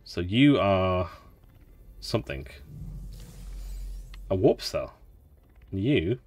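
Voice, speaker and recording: A man with a low voice hosts a laid-back game playthrough. He talks in a chatty, rambling way and laughs often, while quiet game music plays faintly in the background. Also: sing-song, extremely slow. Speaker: let's play host. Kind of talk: relaxed gameplay commentary.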